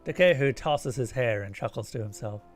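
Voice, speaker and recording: A man's voice: mid-range voice, moderate pace, faint music behind. A male streamer reading video game narration aloud, switching to casual asides about his play.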